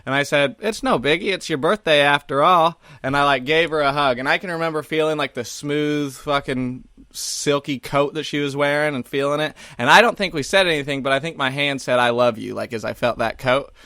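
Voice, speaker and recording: Comedy podcast co-host, a man with a bright, forceful voice pitched a bit high, rambling and swearing freely. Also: fairly even intonation, brisk, hardly any pauses, no echo, studio quality. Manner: rambling, profane, laughs often. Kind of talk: casual comedy podcast chat.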